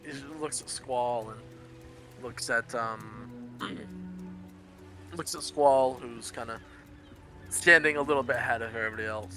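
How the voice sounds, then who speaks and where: A man's voice: mid-range voice, normal speed, music in the background. A man narrating as game master of a tabletop game, describing scenes in a rambling, self-correcting way.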